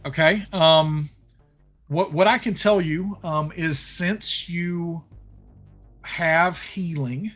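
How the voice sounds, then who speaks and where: A man's voice: a little high, slow pace, fairly bright tone, soft background music. A man with a Southern US accent narrating as game master, often hesitant, with many ums and restarts.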